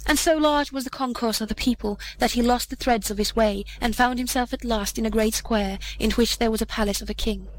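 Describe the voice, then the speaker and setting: A woman reading an old fairy tale aloud in a measured storybook manner. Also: on the high side, slight background noise, poor audio.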